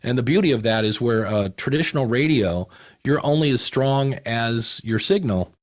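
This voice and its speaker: Guy chatting as a podcast guest, lively storyteller, does little voices for quotes. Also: medium pitch, normal speed. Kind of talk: casual interview chat.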